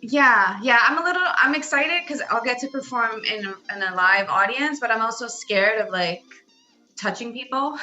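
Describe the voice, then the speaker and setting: A woman's voice: on the high side, expressive, moderate pace, sharp tone, soft background music, low-quality recording. A woman comedian guest chatting over a remote call, hesitant with lots of fillers. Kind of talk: casual chat.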